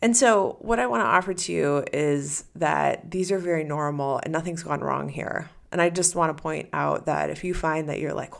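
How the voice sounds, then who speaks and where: A woman's voice: deep voice, moderate pace, gravelly, few pauses. A woman hosting a solo podcast as a coach, talking casually and animatedly, acting out the listener's inner voice.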